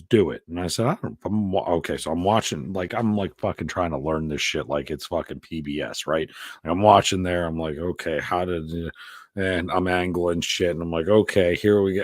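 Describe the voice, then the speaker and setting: A man's voice: deep voice, no echo. A man in casual podcast chat, telling crude stories with lots of swearing and laughter. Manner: crude, profane, laughing storyteller. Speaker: podcast co-host.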